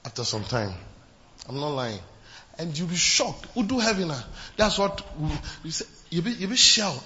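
A man preaching a sermon as pastor, swinging from shouted exclamations to low, quiet asides. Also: sing-song, moderate pace, lo-fi sound.

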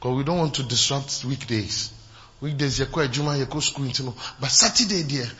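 A man preaching a sermon as pastor, swinging from shouted exclamations to low, quiet asides. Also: fairly quick, muffled recording.

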